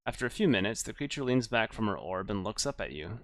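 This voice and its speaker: A man's voice: on the low side, big pitch swings, quick pace, few pauses. A man playing through a text adventure, chatting casually and reading the game's narration aloud with asides. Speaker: game streamer.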